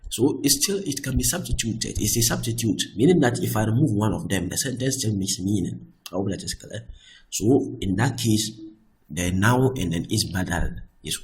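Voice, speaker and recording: Man, grammar teacher, lowish voice, patient, step by step, recorded lesson. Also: animated, normal speed, slight background noise, rough recording. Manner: repeats "I hope that is clear", explains patiently step by step; slips between English and Arabic example sentences.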